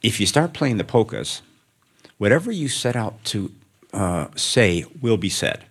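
An older man with a very low voice talks thoughtfully onstage to a live audience. He is from the American Midwest and tells stories in a reflective, gently humorous way. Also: very animated, measured pace, husky. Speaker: author guest. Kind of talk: onstage conversation before an audience.

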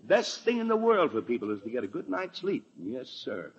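A man's voice: medium pitch, big pitch swings, normal speed, slight background noise. A blustering exasperated father. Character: flustered middle-aged father, easily exasperated. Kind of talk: 1940s radio acting. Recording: dull old radio recording.

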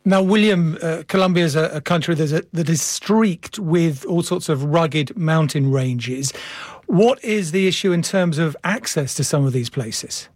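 A male news presenter reading reports and putting measured questions to guests. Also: on the high side, no echo, clean studio sound.

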